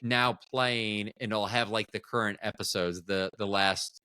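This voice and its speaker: A man's voice: fairly low pitch, fairly even intonation, unhurried, pushed and bright, smooth, no echo. A man in his fifties, a film producer guest on a podcast, talking in a rambling, enthusiastic way with many restarts. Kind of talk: casual podcast chat.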